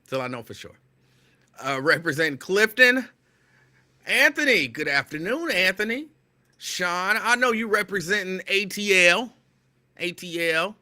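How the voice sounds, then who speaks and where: Excitable bright-voiced male show host. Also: sits high, measured pace, pauses often. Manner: animated, excitable, loud at times; playful, teasing. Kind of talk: casual live-show chat greeting listeners.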